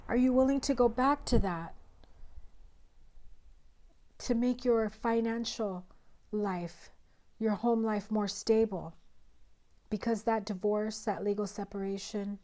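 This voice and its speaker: A woman giving a tarot reading to camera, earnest and direct, her voice strained and rough from illness, sometimes dropping into low mutters. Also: darkish tone. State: recovering voice, coughing. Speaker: tarot reader.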